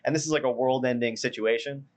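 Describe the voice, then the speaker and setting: A man's voice: medium pitch, steady tone, fast. A man co-hosting a casual film review, speaking bluntly, swearing freely and filling his talk with "like". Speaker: podcast co-host.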